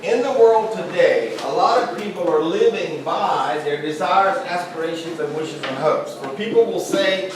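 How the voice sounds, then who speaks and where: A middle-aged man teaching a class in a relaxed, joking, conversational way. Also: high voice, moderate pace, hardly any pauses. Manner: conversational, jokey, asks the class questions. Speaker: Islamic studies teacher. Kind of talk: classroom lecture. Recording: very echoey room, voice far from mic, faint hiss.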